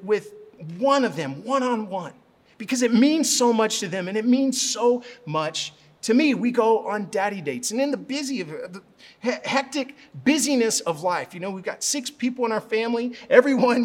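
A middle-aged man, a pastor, preaching a sermon and telling a story, rising to loud, fervent prayer. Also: high voice.

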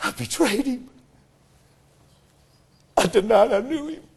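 A man preaching in character as a remorseful apostle confessing his denial, pleading and breaking into shouts. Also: very high-pitched, animated, slow, gravelly, slightly rough, full character voice.

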